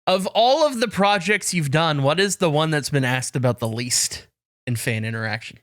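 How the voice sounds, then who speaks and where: Male podcast co-host, teasing questions, lively pitch, dry sound. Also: normal speed, no room sound. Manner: teasing, asks joking questions. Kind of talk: casual podcast chat.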